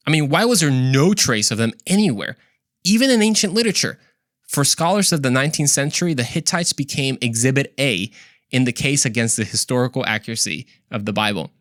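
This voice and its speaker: Male host, mid-pitch, casual storyteller who corrects himself and wanders into asides. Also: fairly bright tone, no echo, studio quality. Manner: chatty, self-correcting, with asides.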